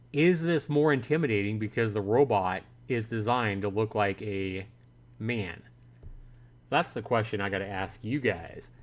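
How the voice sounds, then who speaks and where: A man streaming a visual novel, reading the story aloud and chatting to viewers about it, acting out his own reactions in a higher, louder voice. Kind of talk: livestream commentary, reading game text aloud.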